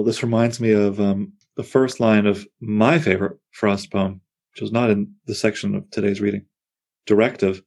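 A man's voice: on the low side, little pitch movement, normal speed, a little mellow. A man leading a poetry seminar, reading lines aloud with relish and tapping out the meter as he explains it. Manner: reads verse aloud with relish, taps out meter. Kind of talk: seminar discussion.

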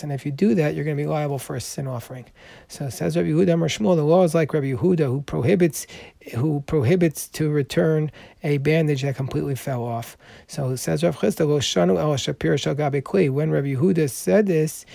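A man's voice: a little high, gravelly, mellow, no echo. A man teaching a Talmud class, reading Aramaic passages aloud and explaining them in English with frequent restarts.

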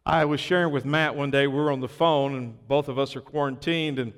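A man's voice: medium pitch, fairly even intonation, a little fast, smooth, big-room sound. A man preaching a sermon in an earnest way, building to emphatic peaks, recovering from illness. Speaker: pastor.

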